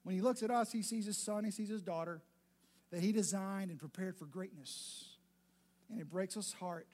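A man preaching a sermon in a conversational, emphatic way, repeating phrases for emphasis. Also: high-pitched. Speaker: pastor.

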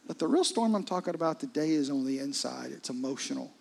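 Husky-voiced man preaching a sermon. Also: mid-range voice, expressive, fast. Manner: conversational, intimate preaching with frequent hushed asides. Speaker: pastor.

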